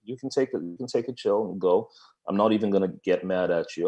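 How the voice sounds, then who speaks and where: A man with a very low voice gives a business coaching talk over a video call. His delivery is conversational and lively, and he drops in playful asides. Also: fast talker. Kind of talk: webinar presentation.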